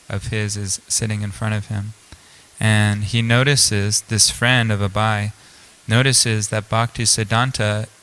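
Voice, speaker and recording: A man's voice: fairly low pitch, a bit bright, clean tone, rough recording. A man giving a storytelling scripture class at a temple, speaking casually with many fillers and restarts. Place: temple hall.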